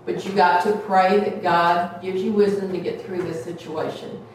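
A woman's voice: fairly low pitch, level tone, moderate pace, a little hiss or hum. A woman preaching a folksy sermon to a small congregation, sometimes acting out gossip in playful voices. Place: small church hall. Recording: echoey room from far off, faint ambience.

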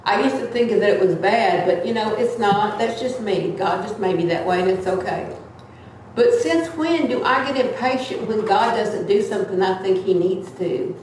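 A woman giving a loud, earnest, plain-spoken sermon-style talk in a church. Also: mid-range voice, normal speed, a little hiss or hum. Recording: echoey room from far off.

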